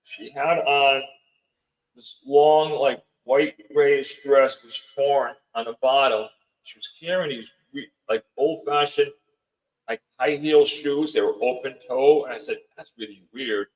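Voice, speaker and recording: A man, a podcast guest, recounts a frightening night in a halting way, stumbling and repeating words as he goes. His voice sits at a middle pitch. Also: steady tone, low-quality recording. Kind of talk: storytelling in a podcast interview.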